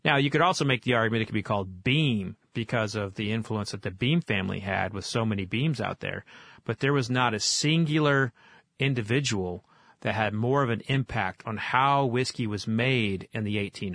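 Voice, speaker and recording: A man from Oklahoma, a guest in an interview, telling stories in a casual, animated way with many fillers. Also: medium pitch, no room sound, studio quality. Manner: animated storyteller, lively with fillers. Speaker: guest, whiskey author.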